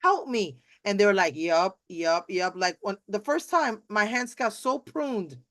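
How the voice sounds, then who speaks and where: A middle-aged woman hosting a live video chat, rambling warmly with many restarts and acted-out quotes. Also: mid-range voice, lively intonation, a little slow, hardly any pauses, no echo. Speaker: host. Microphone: video call.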